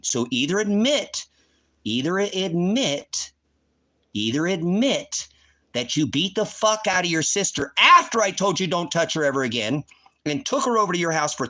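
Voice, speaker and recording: A man's voice: on the high side, pushed and bright. A man hosting a livestream, ranting in a heated, profane, accusing way. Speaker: livestream host. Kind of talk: angry livestream rant.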